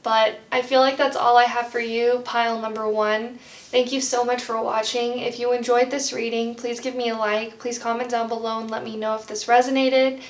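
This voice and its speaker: A young woman reading tarot cards in a gentle, heartfelt way, rambling with lots of "like". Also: on the high side, level tone, moderate pace. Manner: rambling, heavy use of "like". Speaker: tarot card reader. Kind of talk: pick-a-card tarot reading. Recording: roomy, slightly distant from mic.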